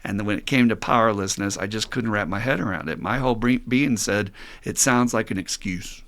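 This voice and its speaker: A man's voice: fairly low pitch, fast talker, fairly bright tone. An older man, a podcast co-host in recovery, telling stories casually and animatedly, laughing often. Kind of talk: casual storytelling talk.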